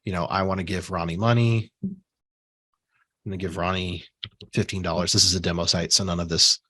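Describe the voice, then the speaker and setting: Man walking through software on screen. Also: sits low, brisk, husky, dry recording, clean studio sound. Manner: relaxed, conversational, with fillers and asides. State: has the hiccups. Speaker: software trainer. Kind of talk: screen-share software tutorial.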